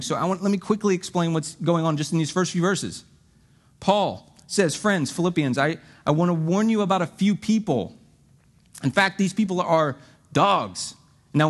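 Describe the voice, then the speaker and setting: A man's voice: on the high side, expressive, moderate pace. Joking conversational male preacher. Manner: conversational, joking asides, dramatic readings of scripture. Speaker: pastor. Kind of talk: sermon.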